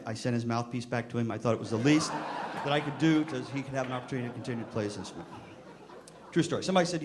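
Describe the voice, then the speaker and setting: A middle-aged man delivers a keynote to band directors at a convention, telling stories to a live audience and acting out the voices of his characters. His voice sits on the low side, with a little background noise in the convention hall recording.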